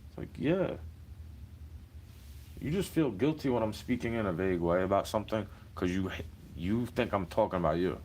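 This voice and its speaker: A man's voice: lowish voice, expressive, normal speed, long pauses, darkish tone, a little hiss or hum. A man ranting to the camera in a heated, profane, rambling monologue.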